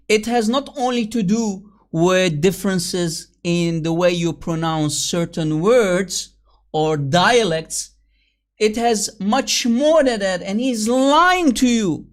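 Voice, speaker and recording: A speaker delivering a rebuttal commentary in a combative, accusatory manner. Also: mid-range voice. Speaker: critic making a rebuttal video.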